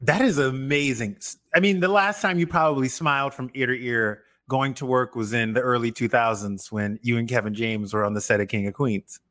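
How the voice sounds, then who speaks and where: A man's voice: mid-range voice, steady tone, a little fast, few pauses, fairly bright tone. A man hosting a casual chat, teasing his guest and laughing a lot. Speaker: host.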